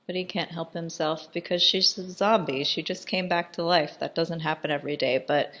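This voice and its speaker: A woman giving casual, irreverent commentary over a film, chatty and quick to laugh. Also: on the low side, fairly even intonation, a bit bright, muffled recording.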